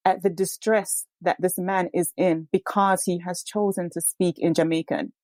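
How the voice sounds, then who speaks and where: Earnest mellow-voiced woman. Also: lowish voice, steady tone, moderate pace, hardly any pauses, no echo. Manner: earnest and emphatic, frequent "yes". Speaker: podcast guest, educator. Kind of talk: earnest discussion.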